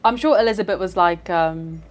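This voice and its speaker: A woman in casual gaming-stream chat with a high voice that swoops up and down. She banters playfully, giggles often and greets viewers warmly by name. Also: expressive, moderate pace, faint music behind. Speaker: community manager streaming a game.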